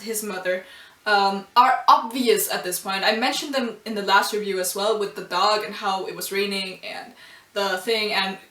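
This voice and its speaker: A woman who reviews anime and manga talks through a comic chapter in a casual video, gushing and emotional, full of ums and laughs. Her mid-range voice has fairly even intonation, a moderate pace and a sharp tone, recorded roomy and distant from the mic.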